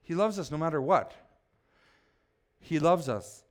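A man's voice: on the high side, lively intonation, a little slow. A man preaching a sermon as pastor, speaking emphatically and asking the congregation questions.

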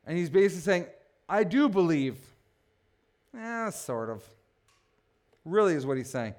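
Male pastor, sermon, high voice, very lively swings, shouts then jokes. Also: fast. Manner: animated, rising to shouts with joking asides.

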